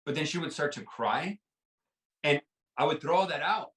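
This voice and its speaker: A man's voice: fairly high pitch, lively intonation, normal speed, a bit bright, echoey room, far from the mic, rough recording. A man guest in a podcast interview, earnestly telling a personal story and often repeating himself with fillers like "like" and "right?".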